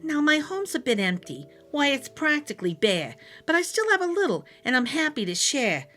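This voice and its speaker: Woman reading as a gentle, lonely old lady. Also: sits high, big pitch swings, normal speed, soft background music, pitched above the performer's own voice. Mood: comforting. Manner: gentle, soft-spoken, comforting. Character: kind, lonely old woman sharing her home. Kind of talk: read-aloud storybook voice.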